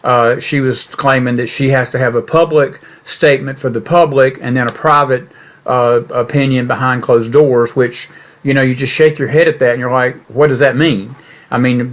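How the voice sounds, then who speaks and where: A man's voice: medium pitch, steady tone, brisk. Folksy, indignant middle-aged man hosting a podcast. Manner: folksy, earnest and indignant, speaks straight to listeners as folks. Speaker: podcast host. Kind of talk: political commentary podcast.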